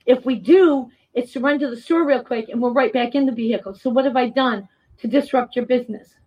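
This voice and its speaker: A woman's voice: fairly high pitch, a little fast, darkish tone. A woman speaks with firm indignation as she gives public testimony, pressing her points one after another. The recording is dull and lo-fi, with the upper frequencies muffled. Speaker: resident speaking at a public meeting. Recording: dull, lo-fi sound.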